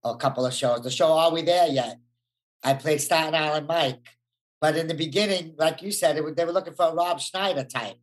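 A man's voice: on the high side, a little fast. New man, fifties, easygoing guest telling stories. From New York. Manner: laid-back storyteller, uses "like" a lot. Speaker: guest, actor. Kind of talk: casual interview chat.

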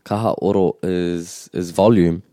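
A man co-hosting a language lesson, patiently explaining words and repeating them slowly. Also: low-pitched, steady tone, mellow, no room sound, clean studio sound. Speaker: language teacher and co-host. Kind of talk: bilingual language lesson chat.

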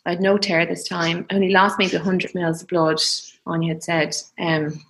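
A young woman telling her birth story in a soft, reflective, emotional way. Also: lowish voice, level tone, normal speed, poor audio. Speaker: guest.

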